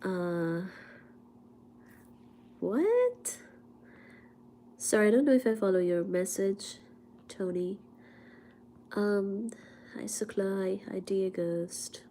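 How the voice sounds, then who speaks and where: A woman chats on a livestream from her home, hoarse and worn down by a cold. Her unhurried, mellow voice often sinks into a whisper between coughs. A faint hiss sits under her voice. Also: medium pitch, fairly even intonation. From India. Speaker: livestream host and physics teacher. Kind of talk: casual livestream chat. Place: at home, indoors.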